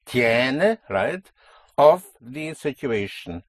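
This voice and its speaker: Husky-voiced man teaching a language lesson. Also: medium pitch, sing-song, drawn-out words, no room sound. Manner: patient, explanatory, stresses key words.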